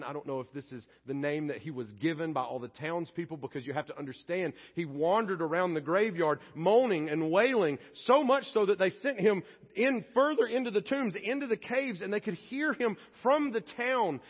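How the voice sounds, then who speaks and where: A male pastor preaching a sermon in an animated, conversational way that sometimes drops to a hushed tone. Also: high voice, slightly rough. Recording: echoey hall, dull lo-fi sound.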